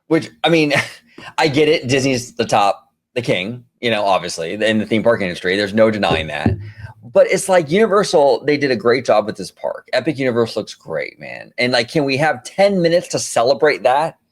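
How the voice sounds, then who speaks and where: A man hosting a casual theme-park podcast, venting in an exasperated, animated way with lots of fillers. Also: medium pitch, normal speed. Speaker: podcast host. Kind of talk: casual chat.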